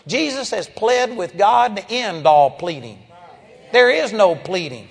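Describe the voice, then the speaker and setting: A man preaching a sermon at a seminar, emphatic, moving between hushed and forceful delivery. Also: high voice, very animated, unhurried, gravelly, long reverb tail, some chatter behind.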